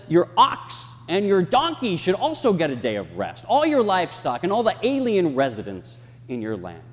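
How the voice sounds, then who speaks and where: A man preaches a sermon in a church, acting out the people and voices he quotes. His voice sits a little high and swings widely in pitch. A long reverb from the sanctuary trails each phrase. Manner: expressive, acts out quoted voices. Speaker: pastor.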